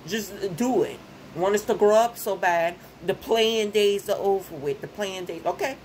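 A woman's voice: mid-range voice, moderate pace, darkish tone, a little hiss or hum, poor audio. A young woman, venting in a casual vlog. She rants, repeats phrases and gets herself worked up. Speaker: vlogger.

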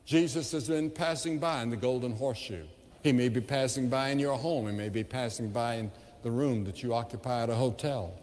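A man evangelist preaching a sermon, telling the story with impassioned rises and hushed drops, recorded in a large evening crusade venue with long reverb. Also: medium pitch, a little fast, a little hiss or hum.

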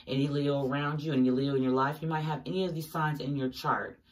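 A woman's voice: sits low, steady tone, quick pace, distant mic. A woman giving a casual tarot reading, talking emphatically to her viewers and cursing often. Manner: emphatic, swears often, talks straight to viewers. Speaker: tarot reader.

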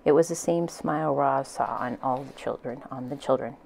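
A woman reading a children's novel aloud in a gentle, plain storytelling manner. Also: a bass voice, normal speed, gravelly, slight background noise, poor audio. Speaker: audiobook reader.

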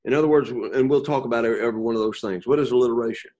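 A man teaching a Bible class to students, pausing often, repeating words and checking in with "okay?". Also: mid-range voice, warm tone. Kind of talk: classroom lecture with questions to students.

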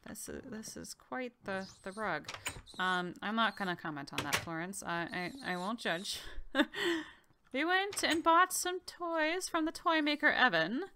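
A woman with a bright, slightly high voice talks her way through a game, chatting to the characters as she goes. Her pitch swings widely and she takes her time. She sometimes dips into soft whispered asides. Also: slight background noise. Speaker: game video host. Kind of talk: casual gameplay commentary.

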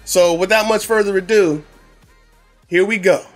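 Man, high voice, chatty vlog host, excitable, faint music behind. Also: measured pace. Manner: excitable, chatty, with frequent laughs. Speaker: YouTube host. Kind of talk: casual vlog talk to camera.

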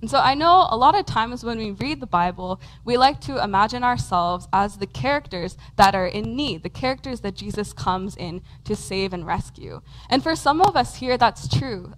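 In a church hall before a congregation, a woman preaches a conversational sermon, speaking casually with many fillers like "um" and "like." Her voice sits on the high side with lively intonation, a moderate pace and few pauses, and the rough recording carries a little hiss or hum.

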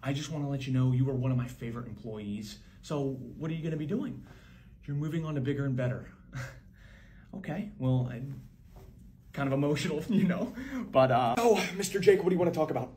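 A young man performing one-man comedy sketches, switching between sarcastic, shouting and soft-spoken characters. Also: medium pitch, a little fast, slight background noise.

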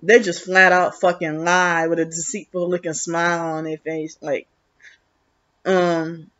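A woman's voice: lowish voice, flat delivery, measured pace, a bit bright. A woman vlogging in a rambling, agitated, accusatory monologue, full of restarts. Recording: muffled lo-fi recording.

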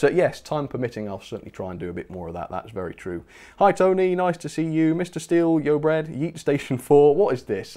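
Guy doing a live stream, chatty, mid pitch, perks up on each name. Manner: chatty, lively, reads viewer names with bursts of enthusiasm. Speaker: channel host. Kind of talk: live stream chat, reading donations.

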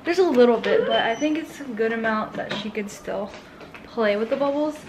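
With lively intonation and a fairly high voice, a young woman chats at a moderate pace in her vlog over a noisy background. She retells stories, voicing other people's lines, and leans heavily on "like."

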